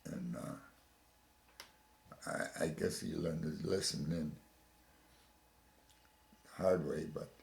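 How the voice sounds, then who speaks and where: An older man from Chicago telling his story in an oral history interview, pausing and repeating words as he goes. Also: a bass voice, vocal fry, a little mellow, echoey room. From Chicago, USA. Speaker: veteran interviewee. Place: home room.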